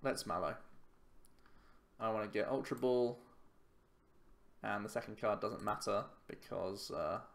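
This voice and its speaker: A man's voice: lowish voice, a little slow, creaky, pauses often. Chatty man thinking aloud over a game. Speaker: YouTube card game player. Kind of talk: casual gameplay commentary.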